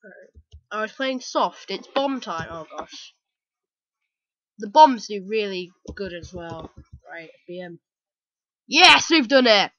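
A British woman chatting excitedly and rambling through gameplay commentary as the host of a let's play. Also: mid-range voice, slow pace, long pauses, muffled recording. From Britain.

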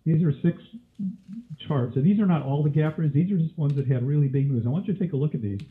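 A man's voice: a little high, fast talker. Man teaching trading over tinny audio. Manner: quizzes listeners with frequent questions. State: coughing, throat irritation. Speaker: trading instructor. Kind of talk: live webinar teaching.

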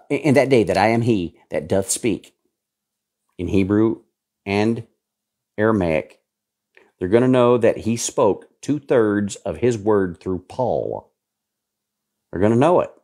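A man in his fifties delivering a sermon in a low voice that swings widely up and down. He preaches emphatically, repeating his points and leaping higher to drive them home. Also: a little mellow. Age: 50s. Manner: emphatic, repetitive preaching with sudden pitch jumps.

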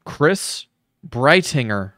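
A man rants through a sarcastic reaction commentary, mocking and swearing freely. His voice sits at an ordinary pitch. The sound is dry and close, with no room around it. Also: sing-song, very slow, sharp tone, no echo. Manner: mocking, profane, ranting. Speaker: commentary YouTuber reacting to a video.

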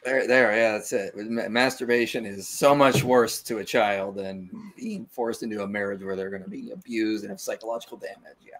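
A man's voice: fairly low pitch, fairly even intonation, normal speed, hardly any pauses, fairly bright tone. A man whose voice keeps cracking, chatting casually and laughing it off. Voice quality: voice cracks often. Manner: self-deprecating, laughs it off. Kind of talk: casual panel chat.

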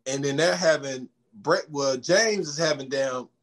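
A man's voice: medium pitch, unhurried. A man hosting a podcast, recapping a film in casual, profane chat, retelling scenes with quoted dialogue.

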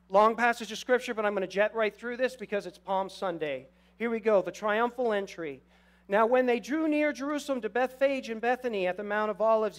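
A man preaching as a guest pastor in a church, earnest and conversational, addressing the congregation with rhetorical questions. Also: high-pitched. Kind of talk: sermon. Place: church sanctuary.

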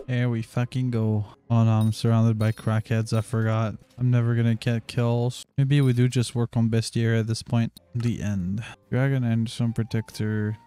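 A man in his twenties livestreaming a game and chatting casually with his viewers, joking crudely, swearing a lot and breaking into excited outbursts. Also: medium pitch, moderate pace, hardly any pauses, clear, resonant tone. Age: 20s. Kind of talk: casual gameplay commentary to a live chat.

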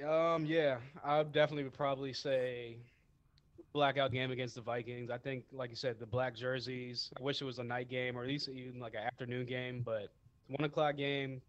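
A man's voice: mid-range voice, steady tone, brisk, dry recording, muffled recording. A man co-hosting a casual sports podcast, talking in a laid-back, hesitant way with lots of fillers. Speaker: podcast co-host.

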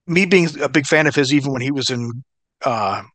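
A middle-aged man, a former wrestler, tells stories in a casual interview, speaking a little fast in a medium-pitched voice with no echo. He's an animated, profane storyteller who swears often and laughs between bits.

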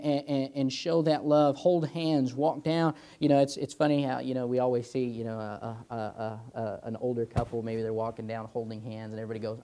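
A man's voice: a little high, a little mellow. A man in his twenties teaching Sunday school as a pastor, chatty and folksy, telling personal stories and punctuating his points with "amen". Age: 20s. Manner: chatty, tells personal stories, peppers lines with "amen" and "you know". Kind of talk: informal Sunday school preaching.

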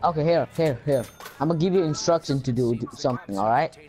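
Calm-down voice in gaming chat. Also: mid-range voice, fast, soft background music. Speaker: gamer. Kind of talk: casual gameplay banter.

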